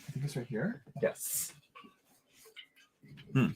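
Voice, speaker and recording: A man doing a live-stream tarot reading, talking at an ordinary middle pitch. He is chatty and loose and often trips over his words and starts again. It sounds like a relaxed talk from home. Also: breathy edge. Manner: casual, chatty, halting with many restarts. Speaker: tarot reader.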